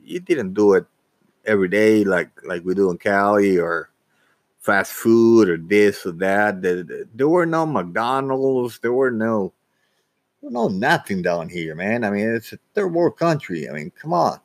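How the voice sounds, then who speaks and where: A man telling a personal story casually, halting, with frequent restarts and repeated words. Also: lowish voice, lively intonation, no room sound. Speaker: vlogger.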